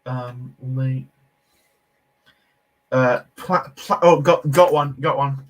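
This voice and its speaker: A man chats casually through a live building stream. He reads viewers' comments aloud and laughs often. His talk is loose and friendly, full of quick asides. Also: medium pitch. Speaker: Lego streamer.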